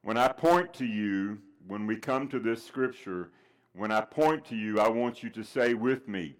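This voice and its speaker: A male pastor preaching a sermon, chatting casually with fillers, then reading scripture aloud with slow, loud, emphatic lines. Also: on the low side, animated.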